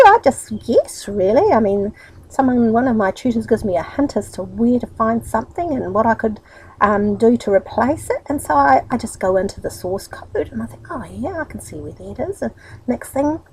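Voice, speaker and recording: A woman's voice: a little high, lively intonation, fairly quick, a little mellow, slight background noise, poor audio. A woman with a New Zealand accent talking in a chatty, rambling, upbeat way in a casual motivational vlog. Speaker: vlogger.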